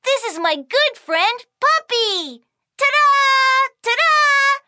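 A woman's voice: extremely high pitch, sing-song, takes it slowly, very noisy, full character voice. A woman voicing a cheerful, curious young female panda in a children's cartoon, bubbly and sing-song, talking straight to the viewer. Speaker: cartoon host character.

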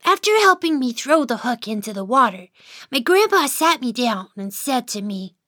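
A woman's voice: on the high side, big pitch swings, moderate pace, bright, forceful tone, dry recording, studio quality, full character voice. A woman voicing an unhappy little boy mouse who narrates his own storybook, grumbling and sighing about his dad. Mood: sulky. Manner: sulky, sighing, then giddy. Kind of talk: first-person storybook narration.

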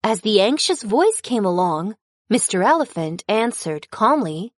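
A woman narrating a children's storybook in an expressive, storytelling manner. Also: mid-range voice, unhurried, no echo, studio quality. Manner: expressive, storytelling with sound effects.

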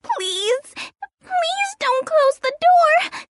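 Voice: extremely high pitch, sing-song, extremely slow, dry recording, clean studio sound, exaggerated voice. An actor voicing a lazy, hungry female grasshopper who stammers and sniffles in a children's storybook. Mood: pleading.

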